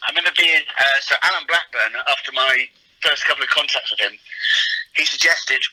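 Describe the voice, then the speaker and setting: A comedy juggler, a guest on an interview show, telling animated stories with lots of restarts and acted-out quotes. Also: male voice, a little high, a little fast, breathy edge, low-quality recording. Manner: lively anecdotal, many restarts, acts out voices in stories. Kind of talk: casual interview storytelling.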